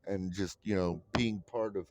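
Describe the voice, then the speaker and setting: A man's voice: sits low, fairly even intonation, unhurried, dry recording. A man ranting in a vlog from a train, profane and rambling, full of fillers. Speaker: vlogger. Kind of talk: ranting monologue. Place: on a moving train. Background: train noise.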